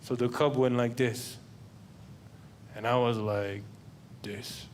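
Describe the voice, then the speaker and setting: Slow, deadpan male stand-up comic. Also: mid-range voice. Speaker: stand-up comedian. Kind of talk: stand-up comedy. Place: comedy club stage. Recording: noisy room with laughter.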